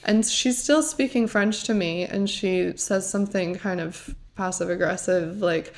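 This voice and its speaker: A woman's voice: mid-range voice, measured pace, few pauses. A young woman from the United States, a guest on a podcast, chatting casually with lots of "like" and self-corrections. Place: pub.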